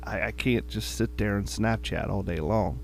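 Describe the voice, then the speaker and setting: A man's voice: on the low side, moderate pace, creaky, a little hiss or hum. A middle-aged man co-hosting a podcast, chatting casually in an easygoing, rambling way and often repeating words. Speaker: podcast co-host.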